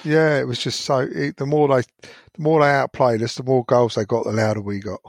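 A man's voice: mid-range voice, fairly even intonation, fairly quick, vocal fry, no echo. A man on a casual fan podcast, telling a memory in a rambling way and repeating words while he thinks. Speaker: podcast co-host. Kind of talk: casual storytelling chat.

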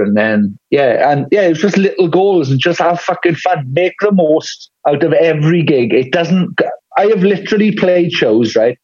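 A man's voice: medium pitch, darkish tone, husky, lo-fi sound. A man with a Welsh Valleys accent chatting candidly as a podcast guest, rambling through stories and swearing freely. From Wales. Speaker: guest musician. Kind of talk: casual podcast chat.

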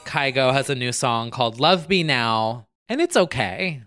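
Podcast co-host, dry jokey way of talking, casual chat, medium pitch. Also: expressive, normal speed, a bit bright. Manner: dry, joking and offhand.

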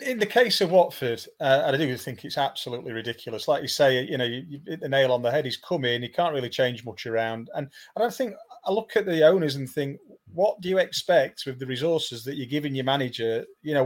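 A football pundit co-hosting a casual discussion shares his opinions in an expressive mid-range voice, fairly quick and with few pauses. He starts hesitantly, repeating words before he gets going.

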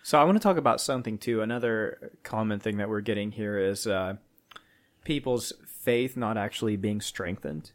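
A man co-hosting a casual podcast, joking around and dropping in quick remarks. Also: on the low side. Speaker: podcast co-host.

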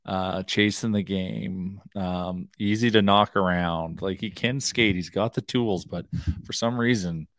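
A man's voice: deep voice, steady tone, a little slow, fairly bright tone, dry recording, studio quality. A man co-hosting a hockey talk show from his home basement, talking loosely with plenty of fillers and restarts. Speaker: co-host, hockey analyst. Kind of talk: casual sports talk show. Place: home basement, door closed.

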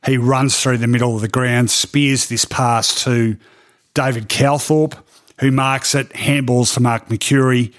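Australian man telling lively sports stories. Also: mid-range voice, a little slow. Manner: lively anecdotal, with frequent ums and laughs. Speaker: sports journalist guest. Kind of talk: animated storytelling in a podcast interview.

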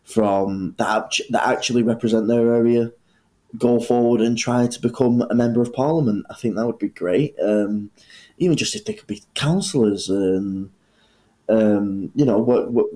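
A man's voice: medium pitch, moderate pace, dark tone. A man from North West England co-hosting a casual podcast, often hesitating and repeating words as he starts a thought. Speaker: podcast co-host. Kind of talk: casual chat.

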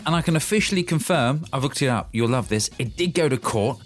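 A man's voice: medium pitch, animated, brisk, faint music behind. A man co-hosting a casual podcast awards segment, chuckling easily as he presents. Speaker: podcast co-host. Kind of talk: casual awards-show chat.

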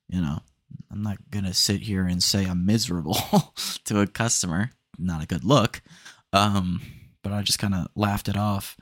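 A man's voice: low voice, steady tone, normal speed, a bit bright, no room sound, studio quality. A young man hosting a casual solo podcast, telling rambling stream-of-consciousness stories and often saying dude. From Texas. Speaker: podcast host.

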